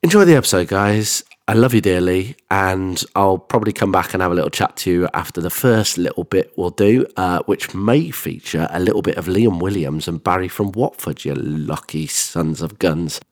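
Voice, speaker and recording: A man recording a rambling, silly introduction to a podcast episode, talking warmly to listeners. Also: low-pitched, moderate pace, few pauses, no room sound, clean studio sound. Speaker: podcast host.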